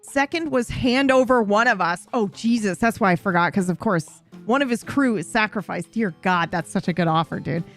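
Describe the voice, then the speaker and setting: A woman's voice: mid-range voice, moderate pace, hardly any pauses, faint music behind. A woman streamer recapping a roleplay story in a chatty, profane way, often interrupting herself.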